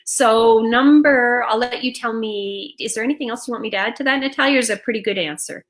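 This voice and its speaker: A middle-aged woman from Canada giving parenting advice as an interview guest, speaking in a warm, reassuring way over a video call. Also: a little high, fairly quick, low-quality recording. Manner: warm, reassuring, repeats "right?". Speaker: interview guest, self-regulation expert. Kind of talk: conversational advice.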